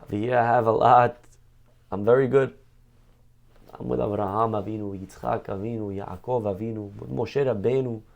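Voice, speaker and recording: A man voicing a humble, saintly old man who speaks gently and reassuringly from heaven, in a storytold Torah class. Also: lowish voice, steady tone, normal speed, gravelly.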